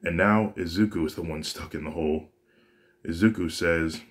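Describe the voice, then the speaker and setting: A man's voice: deep voice, normal speed. A man casually narrating a fan-made story, often stopping to restart and correct himself. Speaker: story reader.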